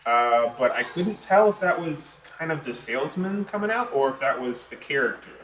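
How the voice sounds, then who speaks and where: A man's voice: medium pitch, animated, moderate pace, fairly bright tone, far from the mic, slight background noise. A man interviewing players, asking questions and giving easy affirmations in a casual way. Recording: roomy with crowd chatter behind.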